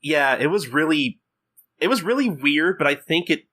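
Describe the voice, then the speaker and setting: A man's voice: on the high side, expressive, normal speed, bright, forceful tone. A young man guesting on a casual podcast, talking hesitantly and often repeating words as he restarts. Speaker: podcast guest, fan translator.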